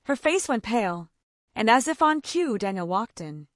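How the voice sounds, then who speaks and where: A woman telling a dramatic first-person family story in a measured way. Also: on the high side, sing-song, dry recording, clean studio sound.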